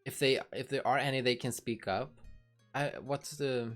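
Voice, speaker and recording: A woman's voice: very deep voice, steady tone, normal speed. A woman livestreamer in casual chat, talking frankly to her viewers and swearing freely, with faint music behind her.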